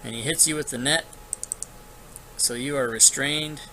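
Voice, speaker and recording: A man narrates monster moves as dungeon master in a casual, thinking-aloud way. His voice is bright and forward. Faint noise sits under the recording. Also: mid-range voice, a little slow, low-quality recording. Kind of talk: narrating a tabletop game online.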